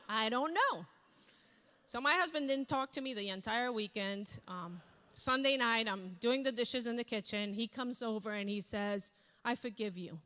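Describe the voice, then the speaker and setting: High, bright-voiced woman in an echoing hall. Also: moderate pace. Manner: animated, acts out quoted voices. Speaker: keynote speaker. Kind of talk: energetic stage storytelling. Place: large event hall. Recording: reverberant hall.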